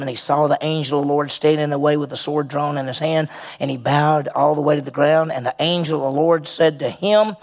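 A man's voice: a little high, fairly even intonation, a little fast. A man preaching an expository sermon, walking his listeners through a passage and quizzing them with questions.

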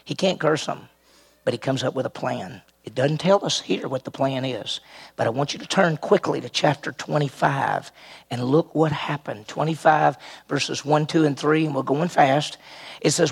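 A man preaching verse by verse, animated and full of questions aimed at his listeners. His voice is on the higher side with a gravelly, husky texture. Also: moderate pace. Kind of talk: expository sermon.

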